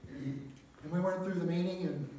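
Man, middle-aged, chapel preacher, plainspoken testimony, fairly high voice, heavy room echo. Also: steady tone, unhurried, warm tone, a little hiss or hum. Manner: plainspoken storyteller, many "uh" and "make a long story short". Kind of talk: testimony sermon. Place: small chapel. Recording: echoey chapel, mic at a distance.

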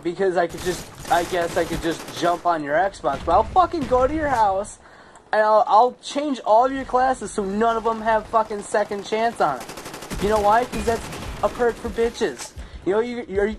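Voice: mid-range voice, expressive, moderate pace, slight background noise. Profane ranting young gamer. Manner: profane, ranting, frequent outbursts. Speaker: gamer commentating own play. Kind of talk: gameplay commentary. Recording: game gunfire faint behind.

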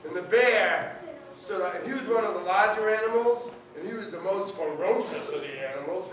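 A man in his sixties, a storyteller performing live for schoolchildren, animated and playful as he calls on the audience. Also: high-pitched, normal speed. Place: elementary school hall. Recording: echoey hall from far off, noisy.

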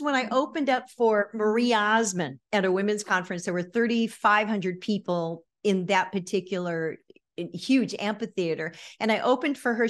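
A middle-aged woman with a fairly high voice leads a lively online workshop on presenting. She talks in an animated, storytelling way and now and then sings a line to make her point. She sounds like she is speaking into a computer mic on a video call. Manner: animated storyteller, bursts into snippets of song. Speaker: presentation skills trainer. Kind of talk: lively virtual workshop talk.

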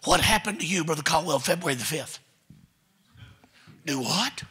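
A man preaching a sermon in a church, telling stories with folksy asides and building to shouted commands. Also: on the high side, expressive, moderate pace, breathy edge. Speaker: guest preacher. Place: church sanctuary.

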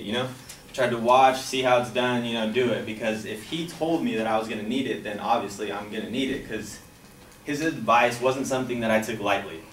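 A young man telling a personal life story in a casual, halting way, full of "like" and "you know". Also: mid-range voice, fairly bright tone. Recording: echoey, distant from the mic, faint background noise.

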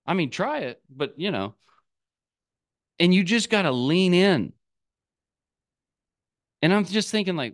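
A man's voice: high voice, sing-song, measured pace, pauses often. A man giving a candid, casual motivational talk as an online business coach, cursing freely and acting out his past self.

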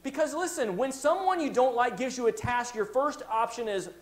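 A man's voice: very high-pitched, moderate pace, hardly any pauses. A man preaching a sermon in a church, telling a Bible story and acting out its characters' words. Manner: animated preaching, acts out quoted voices. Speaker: pastor.

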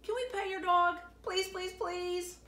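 A woman voicing an excited little girl vegetable from a storybook, squealing and pleading. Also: very high voice, a little slow, voice pushed up, full character voice. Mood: eager. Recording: roomy echo.

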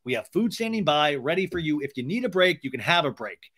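A man voicing a patient male TV producer who calmly coaxes and repeats himself. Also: on the high side, brisk, husky, heavily acted. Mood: coaxing. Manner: calm, coaxing, repeats himself.

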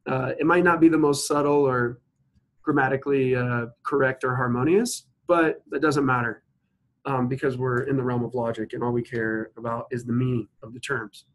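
A man teaching a logic lesson, working through examples one at a time and slowing down to spell each one out. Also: mid-range voice, steady tone, rough recording. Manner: explains step by step, asks students to pause and think; slows to spell out examples word by word. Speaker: instructor. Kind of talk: recorded logic lecture.

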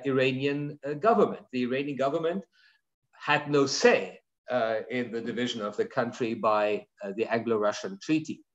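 A male professor giving an academic lecture, pausing often with fillers and asking for the next slide. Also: mid-range voice, lo-fi sound. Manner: hesitant, many fillers.

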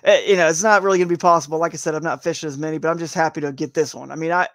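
A man's voice: on the high side, steady tone, racing, fairly bright tone, dry recording. A man chatting as a guest on a live interview show, rambling and upbeat, saying "man" and "dude" a lot. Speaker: guest, tournament kayak angler.

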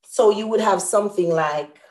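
A woman's voice: medium pitch, normal speed, a little mellow, echoey room. A woman teaching a live grammar lesson at a whiteboard, explaining patiently step by step and correcting herself aloud. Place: room with a whiteboard.

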